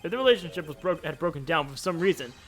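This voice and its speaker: A man voicing a composed male prosecutor, reasoning through the case in a measured way while reading game dialogue aloud. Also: fairly high pitch, lively intonation, close to an everyday voice.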